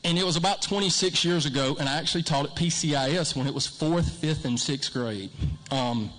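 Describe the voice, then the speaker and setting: A man around fifty gives a folksy, repetitive motivational speech with joking asides. His voice sits a bit high for a man. It rings out with the long reverb of a large hall. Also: a little fast, a bit bright. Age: late 40s or 50s. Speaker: school district speaker.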